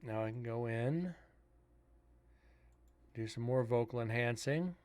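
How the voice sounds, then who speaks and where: Casual male streamer, mid-pitched, narrating his audio cleanup to chat. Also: takes it slowly, a little mellow. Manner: casual, thinking aloud with fillers, chatting with viewers. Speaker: streamer reviewing ghost-hunt audio. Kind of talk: live-stream commentary while editing audio.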